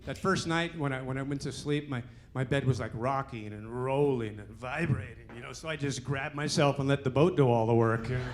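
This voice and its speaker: A middle-aged man doing a stand-up comedy set on a club stage, with punchy, animated delivery and a crowd laughing along. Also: mid-range voice, a little fast, few pauses. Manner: punchy, animated joke delivery with character voices. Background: audience laughter.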